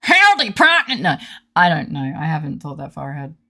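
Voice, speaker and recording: A woman's voice: low-pitched, fairly even intonation, brisk, gravelly, a bit bright. A woman streaming a game, joking casually with her chat and reading game lines aloud between giggles. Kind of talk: casual gaming stream commentary.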